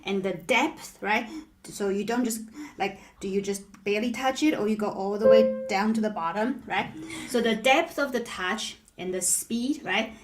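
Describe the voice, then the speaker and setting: A woman's voice: medium pitch, moderate pace, echoey room. A woman piano teacher explaining patiently and checking in with "right?" after nearly every phrase. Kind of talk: live online piano lesson.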